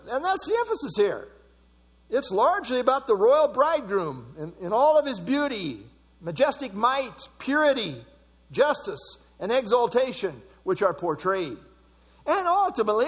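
A man preaching an expository sermon, earnestly teaching verse by verse with light asides to his listeners. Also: high-pitched.

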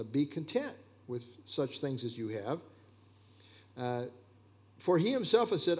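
A male preacher delivering a sermon with a slightly higher than usual voice. He speaks emphatically and keeps returning to the same key phrases.

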